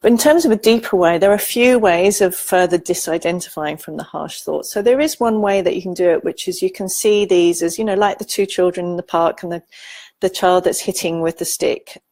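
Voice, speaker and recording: A middle-aged woman speaking as a therapist, teaching in a soft, calm and compassionate way with hesitant restarts. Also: lowish voice, a little fast, no echo. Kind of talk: gentle teaching talk.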